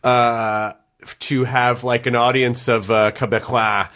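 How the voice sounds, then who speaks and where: A man's voice: medium pitch, little pitch movement, unhurried, a bit bright. A middle-aged man hosting a casual podcast interview, asking long, thoughtful questions with restarts. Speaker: podcast host.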